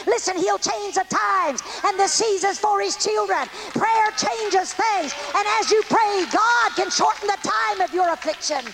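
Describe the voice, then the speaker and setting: Very high-voiced woman preaching. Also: a little slow, hardly any pauses, a bit bright, a little hiss or hum. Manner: earnest, pleading, folksy preaching. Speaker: evangelist. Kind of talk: testimony sermon.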